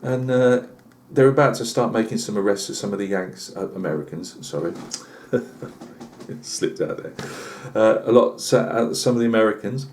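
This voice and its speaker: A man's voice: fairly low pitch, normal speed, darkish tone, a little hiss or hum. A British man telling a rambling comic tall tale on his channel, full of asides and fillers. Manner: chatty, lots of asides and fillers. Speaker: channel host.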